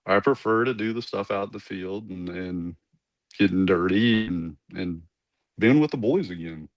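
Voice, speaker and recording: A man's voice: low voice, normal speed, no room sound. A man, a former Army commander, telling his story in a casual interview, rambling with asides and restarts.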